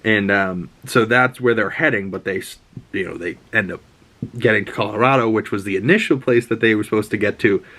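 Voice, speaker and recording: Excited rambling man recapping a show. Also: lowish voice, brisk. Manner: excited and rambling, many fillers and restarts. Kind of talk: casual episode recap.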